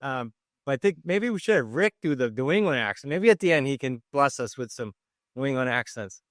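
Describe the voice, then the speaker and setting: A man's voice: medium pitch, lively intonation, fairly quick, a bit bright, no echo, clean studio sound. A man hosting a podcast in casual chat, joking and rambling as he thinks aloud. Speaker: podcast host and coach.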